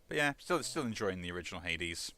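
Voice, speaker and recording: A man's voice: sits low, big pitch swings, quick pace, pushed and bright. A man giving casual commentary while playing a video game, rambling with many fillers. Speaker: let's play host.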